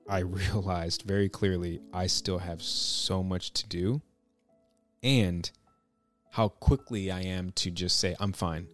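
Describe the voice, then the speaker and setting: Deep-voiced man telling a personal story. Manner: reflective, halting with many restarts.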